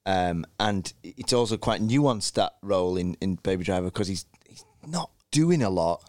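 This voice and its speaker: A man's voice: deep voice, lively intonation, moderate pace, a little mellow, dry recording. A man in a casual podcast chat, making dry, understated quips.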